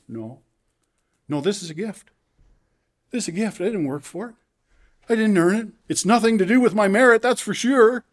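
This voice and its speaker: A man preaching a sermon from the pulpit, emphatic, swinging between hushed low passages and loud exclamations. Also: expressive, a little slow. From Canada. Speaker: pastor. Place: church.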